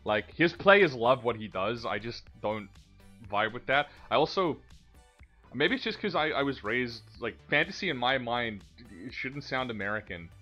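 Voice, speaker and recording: A man's voice: mid-range voice, lively intonation, normal speed, sharp tone. A man co-hosting a casual podcast, rambling through opinions, swearing freely and laughing at his own stories. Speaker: podcast co-host. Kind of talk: casual chat. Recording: dull lo-fi sound, faint music.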